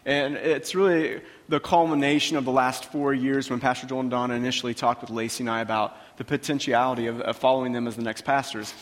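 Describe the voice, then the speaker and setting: A man's voice: mid-range voice, fairly even intonation, fast, few pauses. A man speaking earnestly and humbly as an incoming pastor, sometimes restarting his phrases. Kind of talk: casual chat. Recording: reverberant church hall.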